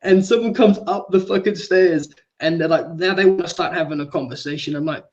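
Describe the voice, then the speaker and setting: A man with an Australian accent, hosting a stream and telling a long, crude, animated story full of swearing. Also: on the high side, a little fast, muffled recording. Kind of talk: casual chat, storytelling.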